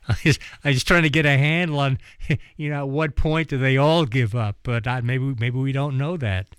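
A man's voice: mid-range voice, normal speed, fairly bright tone, clear, resonant tone, no room sound, studio quality. A man hosting a radio interview, asking questions in a searching way with many fillers. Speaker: radio host.

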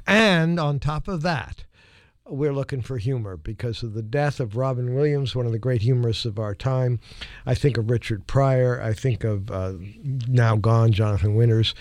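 A man hosting a call-in radio show, wry and measured, speaking from a studio microphone. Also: medium pitch, darkish tone, no echo.

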